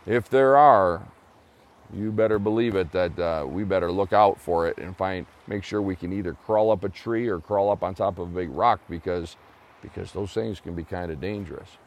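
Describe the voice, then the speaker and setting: A man voicing a confident, fatherly lumberjack who talks loud and folksy. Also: deep voice, moderate pace. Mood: cautious.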